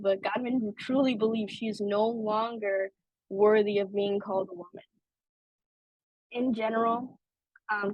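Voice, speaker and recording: A woman's voice: medium pitch, dry recording, highs cut off. A young adult woman hosting a podcast, talking through a film in a casual, chatty way with lots of "like" and "you know". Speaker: podcast host.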